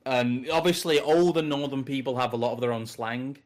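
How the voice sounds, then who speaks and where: A man's voice: mid-range voice, a little fast. A man chatting casually as a podcast host, rambling through tangents, correcting himself and laughing easily. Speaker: podcast host behind a history series. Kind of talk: casual chat.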